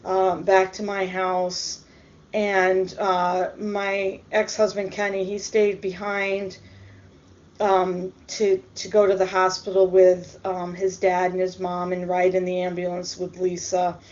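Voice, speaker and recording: A woman telling a personal story in a casual, hesitant way, with many pauses and ums. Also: fairly low pitch, monotone, a little mellow. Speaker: storyteller vlogger. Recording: dull lo-fi recording.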